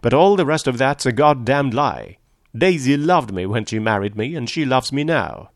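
A man's voice: mid-range voice, lively intonation, fairly quick, no echo, studio quality, pitched above the performer's own voice, natural voice. A man reading a story aloud, voicing an arrogant, indignant wealthy husband in a raised, sneering voice. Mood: scornful.

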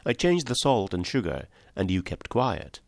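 A man's voice: lowish voice, big pitch swings, moderate pace, vocal fry, a little mellow, no echo, clean studio sound. A man voicing a small, mild country priest in an audiobook, speaking simply and apologetically. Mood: calmly firm.

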